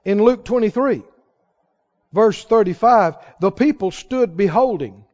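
Casting: high, lively male pastor, shouting rhetorical questions, dull recording. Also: measured pace. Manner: swings from hushed asides to shouted exclamations; fires rhetorical questions at the congregation. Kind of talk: sermon.

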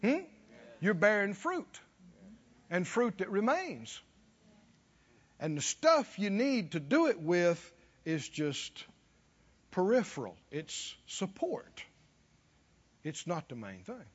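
High, lively preacher man. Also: slow pace, long pauses, husky, big-room sound. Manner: folksy, call-and-response, chuckling. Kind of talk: sermon. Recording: dull lo-fi recording.

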